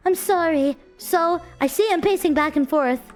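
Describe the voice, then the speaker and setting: Animated, high-voiced young woman storyteller. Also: normal speed, faint music behind. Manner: animated, chatty, checks in with "right?". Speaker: streamer. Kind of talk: casual storytelling.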